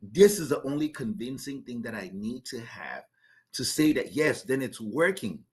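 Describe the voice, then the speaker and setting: A man hosts a podcast with a middle-pitched voice. He talks in emphatic commentary, firing rhetorical questions at his audience and often stumbling over the first words of a sentence. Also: lively intonation, normal speed, darkish tone. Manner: emphatic, repeats words when starting sentences; poses rhetorical questions to listeners. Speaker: podcast host. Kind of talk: opinionated commentary.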